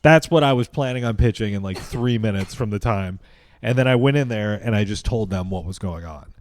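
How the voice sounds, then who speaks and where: Low-voiced joking man. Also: fairly quick. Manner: joking, rambling storyteller. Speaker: podcast co-host. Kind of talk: casual chat.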